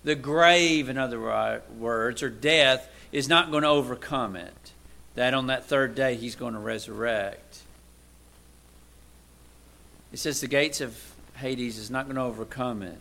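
A man preaches at normal speed, his voice showing vocal fry. His sermon feels conversational, full of rhetorical questions, and he alternates loud emphatic lines with soft, low asides.

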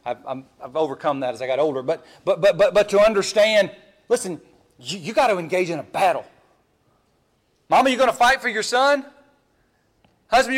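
A man preaching a sermon as pastor, emphatic and animated, often repeating words as he swings between loud pushes and hushed asides. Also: sits high.

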